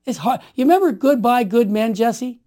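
A man in his sixties telling stories in an interview, emphatic and fervent, building to forceful outbursts. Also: very high voice, expressive, moderate pace. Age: 60s. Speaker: guest. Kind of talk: impassioned storytelling in conversation.

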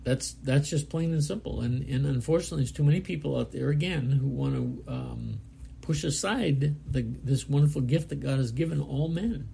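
A man's voice: medium pitch, normal speed, creaky, mellow, a little hiss or hum. A man giving a sermon, reading scripture aloud and explaining it in an earnest, plainspoken way with frequent restarts. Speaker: preacher.

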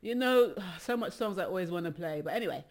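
DJ giving casual shout-outs. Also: mid-range voice, lively intonation, fast. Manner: chatty, laughs often between shout-outs. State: slightly out of breath. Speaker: DJ hosting a live stream.

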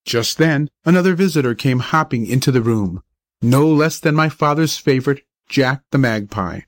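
A man reading a story aloud in a measured, steady way. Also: medium pitch, no room sound. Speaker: narrator. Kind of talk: audiobook narration.

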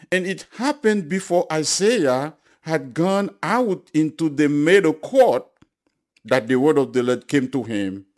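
Male preacher with a fairly high voice, slow and repetitive, rising into forceful appeals. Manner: repetitive, building to loud emphatic appeals. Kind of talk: sermon.

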